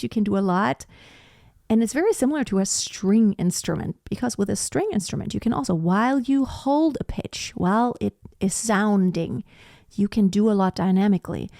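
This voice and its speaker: A woman's voice: medium pitch, mellow, no echo, studio quality. Enthusiastic opera singer woman explaining technique. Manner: enthusiastic, explanatory, sings short demonstration notes. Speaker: opera singer reacting to a performance. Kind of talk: casual reaction and vocal analysis.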